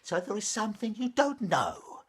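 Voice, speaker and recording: A man's voice: high-pitched, sing-song, moderate pace, slightly rough, voice pushed up, exaggerated voice. A man voicing a looming stranger who is secretly an owl. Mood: accusing.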